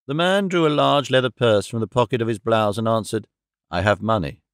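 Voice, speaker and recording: A man narrating a classic novel audiobook in an even, steady storytelling manner. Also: mid-range voice, brisk, clear, resonant tone, dry recording, clean studio sound.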